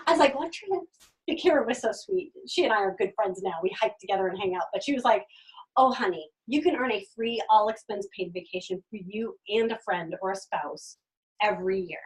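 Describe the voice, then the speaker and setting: A middle-aged woman telling her own story in an animated way, acting out what others said and laughing often. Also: medium pitch, fairly quick, recorded from a distance, rough recording. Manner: acts out quoted voices, laughs often, lively. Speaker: direct sales consultant telling her story.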